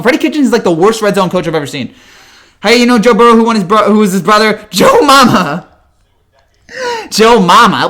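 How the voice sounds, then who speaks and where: A hyper young man answering chat on a live stream, rattling off words at a sprint. His voice sits high, and he often trips into restarts. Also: a bit bright. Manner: hyper, rapid, full of restarts and stumbles.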